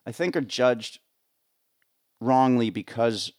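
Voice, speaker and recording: A middle-aged man from the States chats as an interview guest, telling long stories about backstage work. He rambles and leans on fillers, and his voice sits in a plain middle pitch. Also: takes it slowly. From United States. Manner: rambling, lots of fillers, animated voices when quoting. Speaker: guest, live sound rigger. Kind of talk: casual storytelling interview.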